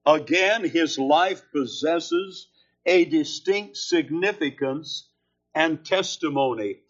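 A man preaching a sermon, slow and deliberate, leaning hard on key words. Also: fairly high pitch, muffled recording. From California.

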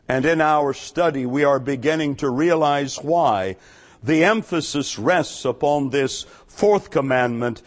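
A male Bible teacher with a fairly high voice, giving a careful expository sermon. He speaks slowly and deliberately and leans on each key word. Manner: slow, measured and deliberate, stressing key words. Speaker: preacher.

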